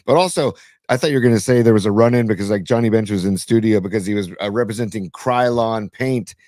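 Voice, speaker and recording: A man co-hosting a sports talk show, relaxed and full of sports trivia in casual banter. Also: lowish voice, fast, no echo, clean studio sound. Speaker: podcast co-host and youth coach.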